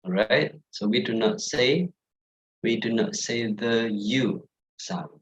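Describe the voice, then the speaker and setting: A man's voice: medium pitch, takes it slowly, muffled recording. A young man with an Indonesian accent teaching English pronunciation in an online class, saying each word again and again to contrast the right and wrong ways.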